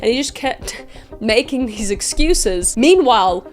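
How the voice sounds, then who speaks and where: A woman's voice: a little high, animated, normal speed, faint music behind. A woman telling a true-crime story in a chatty, profane way, with frequent asides to the viewer.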